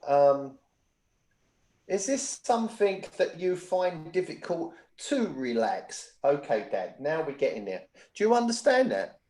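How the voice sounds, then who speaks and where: Male medium giving readings, slightly high voice, echoey home room, keeps asking if you follow. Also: very animated, a little slow, a little mellow. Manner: chatty, checks in with the sitter often. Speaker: spiritual medium. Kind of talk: giving readings at a spiritual service.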